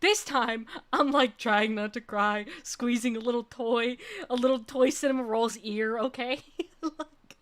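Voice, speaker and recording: Animated young woman streamer, laughing. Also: a little high, unhurried. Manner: animated, laughs often, says "okay?" a lot. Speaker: VTuber streamer. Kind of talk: casual storytelling.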